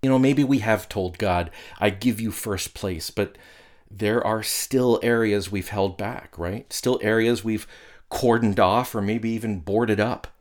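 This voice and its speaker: A man's voice: lowish voice, a little slow. A middle-aged man delivering a sermon as a pastor, earnest and conversational, reciting prayers and scripture.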